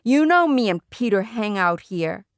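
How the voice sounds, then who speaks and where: A woman's voice: medium pitch, animated, unhurried, no echo, studio quality. A woman voicing an easygoing schoolboy friend in a casual, breezy voice for a storybook reading.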